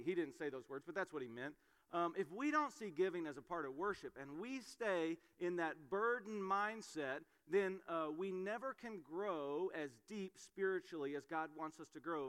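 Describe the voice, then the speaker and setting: A middle-aged male preacher delivers his sermon in an easy, storytelling manner, pausing on "uh" and "um." His voice sits a little high for a man. The sound rings with the long reverb of a church hall. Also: a bit bright. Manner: conversational storytelling with fillers.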